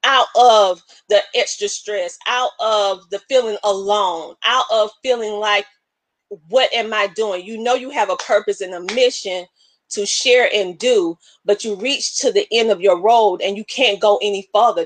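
A woman hosting a live online show, talking in an animated, emotional, preacherly way. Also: mid-range voice, moderate pace, no echo. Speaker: show host.

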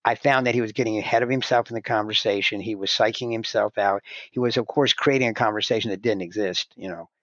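A man's voice: fairly low pitch, fast, few pauses, fairly bright tone, dry recording. A man guest telling stories in casual conversation, often restarting his sentences. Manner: rambling, restarts sentences, heavy "you know" filler. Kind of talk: conversational storytelling. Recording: dull lo-fi dry sound.

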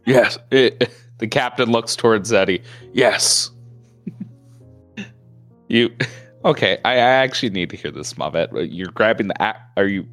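A man's voice: on the low side, a little slow, pauses often, fairly bright tone, soft background music. A man running a tabletop game as game master, narrating the scene with many fillers and self-corrections.

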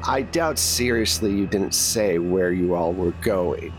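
A man playing a cold male government interrogator who speaks in calm, condescending threats. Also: low-pitched, a little slow, soft background music, voice pushed down. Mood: menacing.

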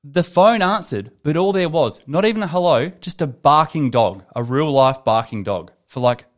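A young man co-hosting a podcast, telling animated stories and swearing freely. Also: a little high, moderate pace. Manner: swears a lot, animated storytelling. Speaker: podcast co-host. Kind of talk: casual podcast chat.

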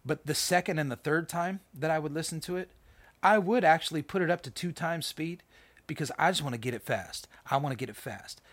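A man hosting a podcast, reading scripture and commenting in a casual, fast, animated way with many fillers and restarts. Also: a little high, no echo. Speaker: podcast host.

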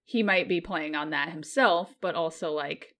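A woman's voice: low-pitched, normal speed. Chatty woman reading posts aloud. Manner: laughs often, reads posts aloud with animated asides. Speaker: podcast co-host. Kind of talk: casual chat reading online posts.

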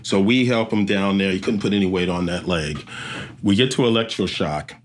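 A man, an obstacle race emcee, telling an animated story and acting out the sounds and voices. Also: deep voice, moderate pace, slight background noise. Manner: lively storyteller who acts out sounds and voices.

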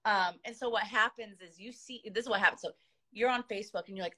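Chatty woman with a bright voice. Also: medium pitch, quick pace. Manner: chatty, animated, laughs often. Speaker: podcast guest. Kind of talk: casual storytelling.

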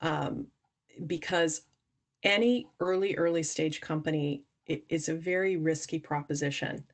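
A woman's voice: deep voice, a little slow. A woman guest on a podcast, explaining earnestly how investors judge founders, often restarting her sentences. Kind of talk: podcast interview answers.

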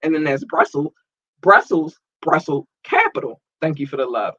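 Upbeat male podcast host, animated, slightly high voice, dry close sound. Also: normal speed, slightly rough, no echo, muffled recording. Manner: upbeat, animated, stumbles over place names. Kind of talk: casual shout-outs to listeners.

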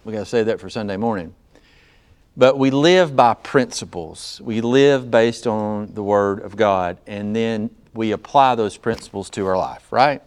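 Man preaching with a smooth, resonant voice. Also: on the low side. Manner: slows down to stress scripture, plain teaching tone. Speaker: pastor. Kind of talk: sermon.

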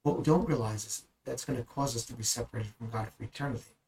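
A man's voice: mid-range voice, fast, vocal fry, a little mellow, a little hiss or hum, low-quality recording. A man teaching the Bible in a conversational way, earnest and at times emphatic. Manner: earnest, rising to emphatic bursts.

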